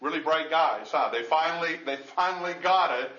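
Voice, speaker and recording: A man preaching through scripture with a bright, forceful edge and a slightly raised pitch. He talks loosely, restarting and repeating words as he explains, then reads old formal verses aloud. The sound is roomy and a little dull, like a lo-fi recording in a church hall. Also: moderate pace. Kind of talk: expository Bible teaching sermon. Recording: echoey, dull lo-fi room recording.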